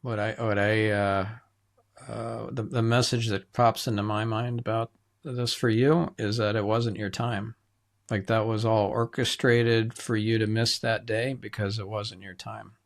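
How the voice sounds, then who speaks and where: A man hosting a podcast interview, speaking reflectively with halting restarts. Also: on the low side, level tone, gravelly. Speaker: podcast host. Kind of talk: conversational interview.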